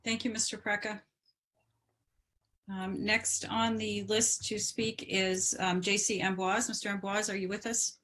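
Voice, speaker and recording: A woman's voice: medium pitch, little pitch movement, a little slow, fairly bright tone. Woman chairing a council meeting. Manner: formal and procedural, with filler ums.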